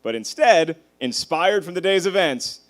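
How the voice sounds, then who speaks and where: A male stand-up comedian with a somewhat high speaking voice works through a set. He tells animated stories, swears freely and laughs at his own jokes. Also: measured pace.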